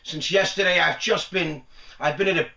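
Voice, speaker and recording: A man's voice: high-pitched, fairly even intonation, moderate pace, creaky, sharp tone, reverberant, recorded from a distance. A man giving a sarcastic, rambling talking-head rant, laughing often between points. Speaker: vlogger.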